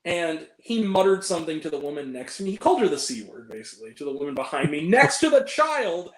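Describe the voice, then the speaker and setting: A woman's voice: sits low, expressive, fast talker, a little mellow. A woman co-hosting a casual chat, telling a story animatedly and laughing often. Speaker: podcast co-host. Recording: roomy echo.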